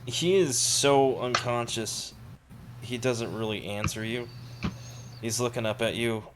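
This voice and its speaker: A man's voice: medium pitch, a little slow, background noise. A man narrating a tabletop role-playing game as game master, in a loose, rambling way with fillers.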